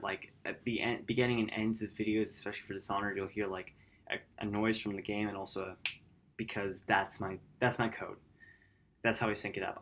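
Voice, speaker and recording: A man hosting a gaming channel, talking through his upload plans in a rambling, self-correcting late-night vlog. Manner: quiet, low-key.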